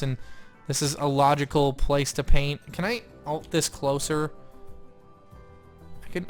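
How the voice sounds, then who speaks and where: A young man giving excitable let's-play commentary, gushing loudly one moment and muttering the next. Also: a little high. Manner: excitable, gushing, swings between loud outbursts and quiet mutters. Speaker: gaming YouTuber.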